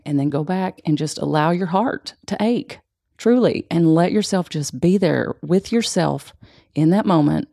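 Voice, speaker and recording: A woman gently teaching about feeling emotions, talking in a soft, reflective way that often sinks to a hushed near-whisper. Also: fairly low pitch, moderate pace, gravelly, dry recording, studio quality. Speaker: emotional wellness coach. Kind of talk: conversational teaching.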